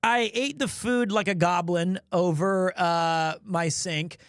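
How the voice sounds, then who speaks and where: A man's voice: high voice, slow, fairly bright tone, smooth, no room sound, studio quality. A man streaming, telling a funny story in a rambling, self-mocking way. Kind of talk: casual storytelling.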